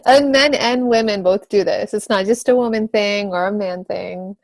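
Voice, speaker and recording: A woman's voice: mid-range voice, moderate pace, no room sound. A woman taking part in a casual group discussion, teasing and laughing often. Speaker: discussion participant.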